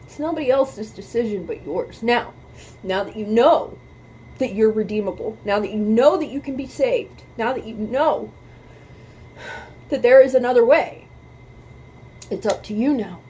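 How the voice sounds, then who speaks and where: A woman's voice: on the high side, lively intonation, normal speed, long pauses, a little mellow, a little hiss or hum, poor audio. A woman hosting a music reaction video, talking earnestly about faith and repeating her points for emphasis, close to tears. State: emotional, near tears. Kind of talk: heartfelt talk to camera about faith.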